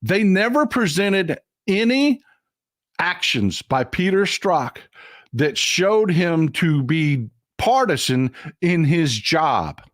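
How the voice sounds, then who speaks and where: A man's voice: fairly high pitch, very animated, takes it slowly, no echo, clean studio sound. Blunt, profane older man on a livestream. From Texas. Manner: blunt, profane, reads viewer comments aloud. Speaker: livestream host. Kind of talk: casual livestream commentary.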